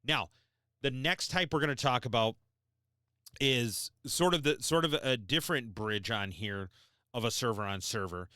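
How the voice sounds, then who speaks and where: Animated, bright-voiced man explaining bluntly. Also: mid-range voice, moderate pace, smooth, no room sound, studio quality. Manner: blunt, repetitive, emphatic. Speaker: podcast host. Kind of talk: explanatory talk.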